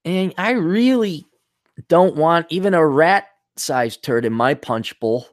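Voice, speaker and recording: A man's voice: fairly high pitch, expressive, slow, no echo, studio quality. A man hosting a solo podcast, ranting bluntly and scornfully with a lot of profanity, wandering off on tangents and restarting his sentences. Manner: loose, digressive, with frequent restarts. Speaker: podcast host.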